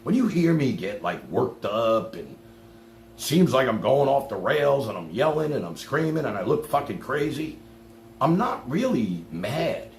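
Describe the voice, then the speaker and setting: Man, streamer ranting to chat, lively pitch, echoey room with faint hum. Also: unhurried, creaky. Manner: fired-up, profane, swings loud then drops low. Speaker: live streamer. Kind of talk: ranting live stream monologue.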